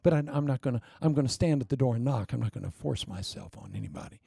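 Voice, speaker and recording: A man doing a gentle, offhand savior. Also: mid-range voice, quick pace, vocal fry, breathy edge, no room sound, clean studio sound. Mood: easygoing. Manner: casual, easygoing offer. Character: gentle, offhand savior offering a free gift.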